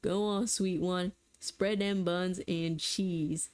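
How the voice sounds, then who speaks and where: A woman voicing a thin, creepy elderly man with a put-on Southern drawl, slow and wheedling. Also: lowish voice, steady tone, darkish tone. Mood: leering.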